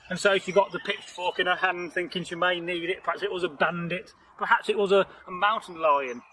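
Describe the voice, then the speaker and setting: Guy telling a folk story outside, highish voice, chatty and jokey, lots of you knows. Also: sharp tone, slight background noise, poor audio. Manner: chatty and jokey, with frequent "you know" asides and chuckles. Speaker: storyteller host. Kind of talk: rambling casual folktale telling. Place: outdoors in nature.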